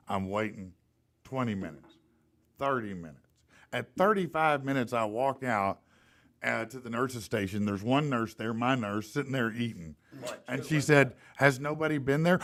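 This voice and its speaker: A man tells a story in a relaxed, animated, drawling way. His voice sits at an everyday middle pitch. He talks the way a podcast host does, chatty and sure of himself. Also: normal speed. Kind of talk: casual storytelling and live ad read.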